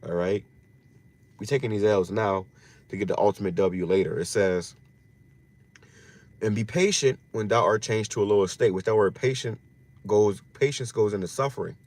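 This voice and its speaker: Man, lower register, religious teacher giving a loose, slangy scripture talk with lots of restarts. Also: moderate pace, long pauses, darkish tone. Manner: slangy, repeats phrases, frequent restarts.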